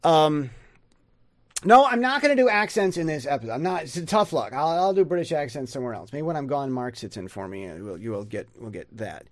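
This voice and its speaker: A man giving a casual pronunciation lesson, rambling and sounding out words slowly. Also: a little high, expressive, no echo. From United States. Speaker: pronunciation teacher.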